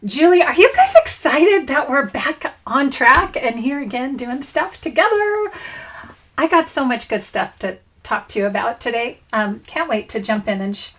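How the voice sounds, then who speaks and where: Woman, high voice, middle-aged, bubbly, casual livestream host, greets viewers by name, home craft room. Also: big pitch swings, moderate pace, fairly bright tone, a little hiss or hum.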